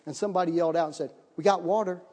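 Animated preaching man, echoing hall. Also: racing. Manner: animated, acts out his own panic in higher voice. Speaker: missionary pastor. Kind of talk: sermon with storytelling.

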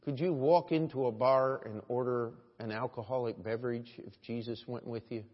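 A male pastor delivers a sermon in an earnest, rhetorical way, pressing his listeners with question after question. His voice sits at a middle pitch and swings between hushed and loud stretches. The recording is dull and carries a long hall reverb. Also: fairly even intonation, normal speed.

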